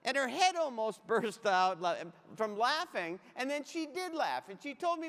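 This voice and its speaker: High-voiced male keynote humorist, hall echo. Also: sing-song, moderate pace, hardly any pauses, fairly bright tone. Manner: punchy storytelling with comic asides to the audience. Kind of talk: comic motivational keynote. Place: large conference hall. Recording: echoey hall reverb.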